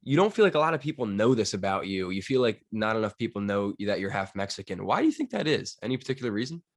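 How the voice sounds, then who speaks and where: A man's voice: fairly low pitch, very animated, fast talker, no room sound, studio quality. A man hosting an interview in an easygoing, casual way, laughing along with his guest. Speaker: podcast host.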